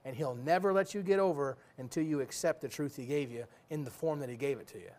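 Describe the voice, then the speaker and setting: A man's voice: a little high, quick pace, a little mellow. A man preaching a sermon in a folksy, joking way, full of rhetorical questions.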